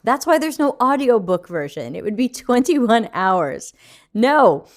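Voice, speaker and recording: Still groggy and yawning, this middle-aged livestream host runs a casual Q&A, rambling a bit and reading comments from viewers aloud. Her voice sits slightly high with a sing-song lilt, and she speaks a little slowly.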